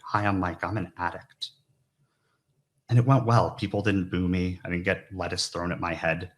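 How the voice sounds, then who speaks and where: Brief: deep-voiced male speaker, candid and heartfelt personal story, addresses the crowd directly. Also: a bit bright. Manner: earnest, confessional, often asks "right?". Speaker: conference speaker. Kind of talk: personal story talk to an audience.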